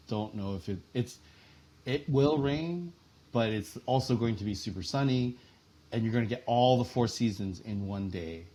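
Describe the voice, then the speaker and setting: A man in his thirties from central New Jersey, US, appears as a guest artist in a casual interview chat. His voice is fairly low and darkish, and he rambles chattily, laughing often and using many fillers.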